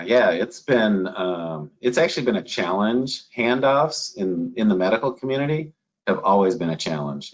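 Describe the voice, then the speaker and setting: A man's voice: low-pitched, dull audio. A man from northern Minnesota with a Minnesota accent, a chief medical officer speaking as an interview guest in an easygoing, folksy way. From northern Minnesota, USA. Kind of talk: conversational interview.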